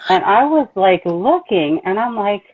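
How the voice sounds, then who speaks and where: A woman's voice: medium pitch, lively intonation, measured pace. A woman from New Jersey with a Jersey accent, a psychic medium hosting a casual livestream, talking bluntly and telling stories with animation. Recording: tinny phone-like line.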